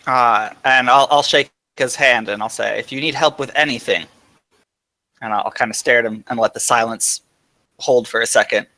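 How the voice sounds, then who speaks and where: A man playing a tabletop game, deliberate and thinking aloud. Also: medium pitch, bright, forceful tone, dry recording, rough recording. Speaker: player.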